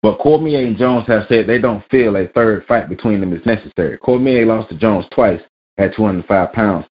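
A man's voice: fairly low pitch, normal speed. A man hosting a weekly sports rant, reading news aloud and bluntly cursing. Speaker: vlog host. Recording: dull lo-fi recording.

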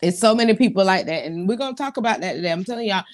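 A woman co-hosting a casual talk show, animated and laughing often. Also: medium pitch, racing. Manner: animated, laughs often, talks to the audience directly. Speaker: podcast co-host. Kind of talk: casual chat.

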